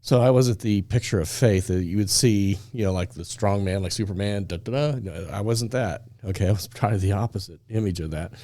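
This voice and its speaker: A man's voice: lowish voice, brisk, few pauses, warm tone. A middle-aged man from Indiana telling a personal story in casual podcast talk, laughing often and acting out the dialogue.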